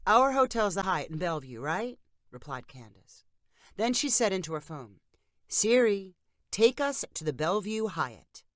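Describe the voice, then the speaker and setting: A woman's voice: mid-range voice, big pitch swings, moderate pace, fairly bright tone, no room sound, studio quality. A woman reading a short story aloud, giving the friends and the phone assistant lightly varied voices. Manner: reads all characters in a lightly varied voice. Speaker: narrator. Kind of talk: scripted story narration.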